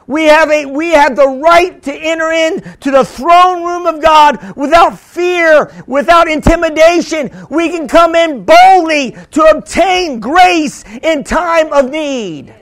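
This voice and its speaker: Man, pastor, sermon, very high voice, shouting bursts, stumbling repeats. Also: takes it slowly, hardly any pauses. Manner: preaching with sudden shouts, many repeated words.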